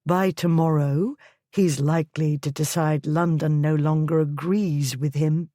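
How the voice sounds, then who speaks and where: A cool, assured nobleman from a storybook, read by a woman narrator in her own low voice. He speaks calmly and slowly, in a dry recording. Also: no room sound.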